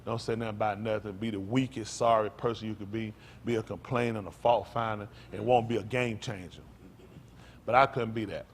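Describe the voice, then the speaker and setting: A male pastor preaching a sermon in a folksy style, calling out to his congregation and swinging from loud, high bursts down to low, quiet lines. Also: a little fast, slight background noise. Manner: animated preaching, leaps high and loud for emphasis, then drops low; folksy vernacular, calls out to the congregation. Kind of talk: sermon teaching.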